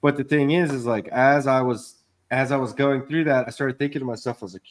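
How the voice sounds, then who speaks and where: A man's voice: medium pitch, steady tone, a little fast. A man in casual podcast chat, telling a long job-site story in a rambling way, swearing often and acting out what people said. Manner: rambling storytelling, swears a lot, acts out quotes. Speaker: podcast co-host, contractor.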